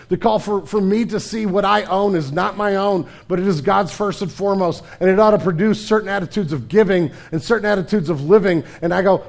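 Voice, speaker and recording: A middle-aged man preaches a sermon in a fairly high voice. He talks in bursts, stammers and restarts his sentences, and swings from loud, emphatic lines down to quiet, hushed asides. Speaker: pastor.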